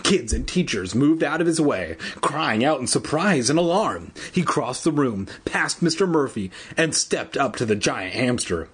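A man's voice: mid-range voice, big pitch swings, normal speed, hardly any pauses, husky. A man reading a children's book aloud casually, adding joking asides and laughing at his own slips. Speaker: reader.

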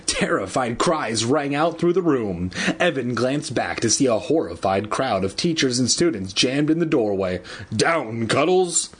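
A man's voice: medium pitch, animated, normal speed, hardly any pauses, husky. A man reading a storybook aloud at home, with irreverent, swearing asides. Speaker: reader.

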